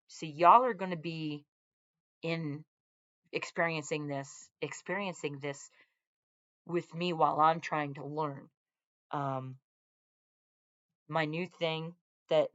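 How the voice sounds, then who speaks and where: On a living-room live stream, a veteran vlogger rambles casually, drifting off topic and speaking to her dogs as well as her audience. Her voice is low and a bit bright, and the audio sounds dull.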